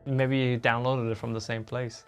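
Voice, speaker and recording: A woman's voice: extremely low pitch, flat delivery, normal speed, faint music behind. A woman live-streaming from a home room, chatting casually and reading viewer comments aloud as she answers them.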